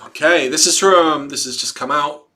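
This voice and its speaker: A man's voice: fairly high pitch, moderate pace, bright, forceful tone. A man hosting a casual livestream, reading a statement aloud and chatting and joking with his viewers between lines. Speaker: livestream host.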